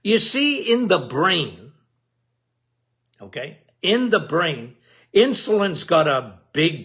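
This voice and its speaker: A man's voice: fairly high pitch, very animated, slow pace, pauses often, fairly bright tone. A man hosting a health podcast, explaining in an emphatic, repetitive way and asking the listener questions.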